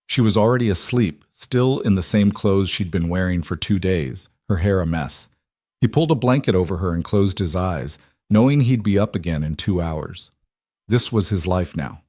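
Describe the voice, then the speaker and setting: A man narrating a family drama story in a steady, unhurried scripted read. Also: low-pitched, no room sound, clean studio sound.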